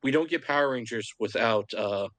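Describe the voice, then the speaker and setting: A man's voice: medium pitch, normal speed, fairly bright tone, dry recording. A man in a casual chat who explains trivia in a plain way. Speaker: podcast guest.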